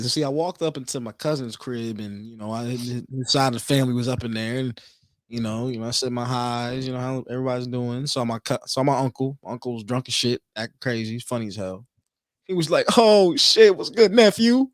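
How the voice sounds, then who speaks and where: A man co-hosting a podcast, telling a food story in a lively, casual way with plenty of swearing. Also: medium pitch, fast, dry recording. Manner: animated storyteller, swears freely. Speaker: podcast co-host. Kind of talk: casual chat.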